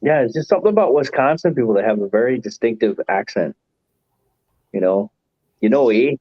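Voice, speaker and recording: A man's voice: mid-range voice, big pitch swings, brisk, dry recording. A man hosting a casual livestream chat, rambling along and chuckling often. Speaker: livestream host. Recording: dull, muffled stream audio.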